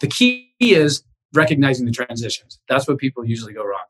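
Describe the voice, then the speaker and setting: A man with a Boston accent, a real estate investor being interviewed over a video call, telling lively stories and acting out quoted voices. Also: mid-range voice, fairly quick, faint music behind, poor audio. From Boston area, USA. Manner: animated anecdotes, acts out quoted voices. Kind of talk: casual interview storytelling.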